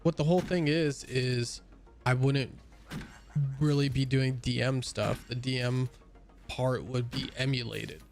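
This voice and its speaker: A young man with a gravelly voice talks casually to his viewers while playing a game. He rambles with plenty of fillers and restarts, and sounds a little tired. Faint game music hums behind him. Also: mid-range voice, steady tone, measured pace. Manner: yawning, a bit tired. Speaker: gaming streamer.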